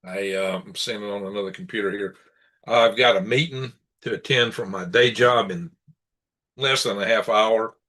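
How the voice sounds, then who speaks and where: A man's voice: fairly low pitch, moderate pace, pushed and bright. A man hosting his own live-stream show, chatting casually in an aggravated, rambling rant broken up by chuckles. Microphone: computer setup for live broadcast.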